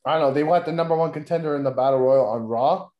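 A man co-hosting a casual wrestling podcast, ranting with heavy profanity and bursts of mock shouting. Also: a little high, fast talker, roomy sound, muffled recording. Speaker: podcast co-host.

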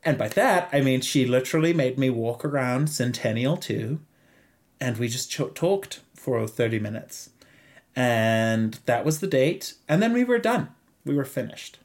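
A man's voice: mid-range voice, unhurried, a little mellow. A young man with a Zimbabwean accent tells a story on a casual podcast. His voice sits in an ordinary middle range. He laughs often and slips into voices for the people he quotes. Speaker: podcast guest.

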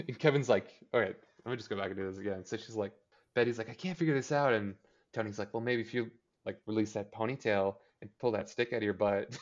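A man's voice: on the low side, steady tone. Chatty man on a lo-fi recording. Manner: chatty, sarcastic, acts out characters' lines in quick impressions. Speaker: podcast co-host recapping a TV episode. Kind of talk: casual chat.

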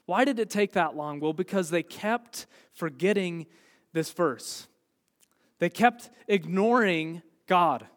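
A man preaching a sermon as pastor, earnest, dropping quiet then rising to emphatic points. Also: high voice, lively intonation, slow, big-room sound.

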